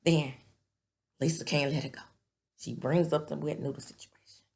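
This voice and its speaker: A woman's voice: low-pitched, fairly even intonation, moderate pace, creaky, darkish tone. A woman giving a sassy, gossipy recap of a reality show, dropping whispered asides. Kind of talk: casual recap commentary.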